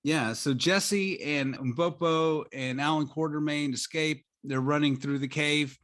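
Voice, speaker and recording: A man's voice: fairly high pitch, measured pace, a bit bright. A man co-hosting a casual movie review podcast, recapping scenes in a rambling, chatty way with lots of fillers. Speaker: podcast co-host.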